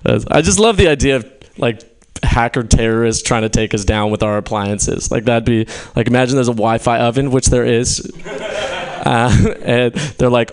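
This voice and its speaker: A young Californian stand-up comedian performs for a live audience in a small comedy venue. His mid-range voice is clear and resonant at a moderate pace as he rambles, swears often, and laughs at his own jokes.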